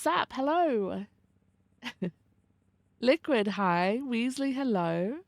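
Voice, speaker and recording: Young adult woman, streamer, casual and sweary, fairly high voice, dry close sound. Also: lively intonation, drawn-out words, no room sound. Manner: chatty, swears freely, reads and greets chat. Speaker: livestreamer. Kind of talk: casual chat with viewers.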